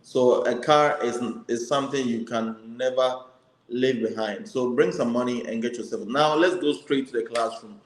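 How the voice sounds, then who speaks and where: A man interviews a guest in a relaxed, conversational way and prompts her with questions. His voice sits at a middle pitch, and it carries a roomy echo. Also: normal speed, a little hiss or hum. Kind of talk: casual interview.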